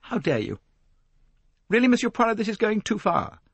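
A man's voice: on the high side, big pitch swings, moderate pace, slightly rough, no room sound, pitched above the performer's own voice, exaggerated voice. A man reading an audiobook voices a proud, defensive rich young English woman, clipped and indignant.

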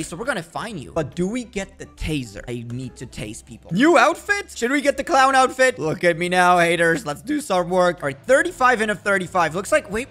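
Excitable young man, playful mock-cop bluster. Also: sits high. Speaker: gaming YouTuber. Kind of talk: gameplay commentary.

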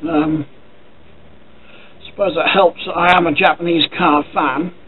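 A man's voice: fairly high pitch, steady tone, unhurried, husky. An English man vlogging casually, thinking aloud as he goes and swearing now and then. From England. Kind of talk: casual talking to camera. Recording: tinny phone-like sound with faint noise.

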